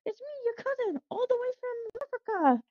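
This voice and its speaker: A shrill, frantic young male train engine, voiced by a woman, squealing and sobbing as he pleads. The voice leaps wildly up and down. It sits in a dull, dry, lo-fi recording. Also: very animated, a little fast, no room sound. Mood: panicky pleading. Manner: squealing, crying, panicky.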